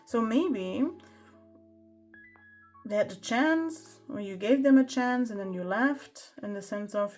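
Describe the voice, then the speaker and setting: A woman talks through a pick-a-card tarot reading at a mid pitch. She chats and exclaims as she turns the cards. Faint music plays in the background. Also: unhurried, long pauses, a little mellow. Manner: chatty, exclaiming over the cards. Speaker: tarot reader.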